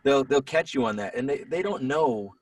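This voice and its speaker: In a mid-range voice with lively intonation and a moderate pace, a thirties-aged voiceover actor guests on a podcast. The conversation is casual, and he rambles, restarting frequently. He's recorded dry and somewhat far from the mic.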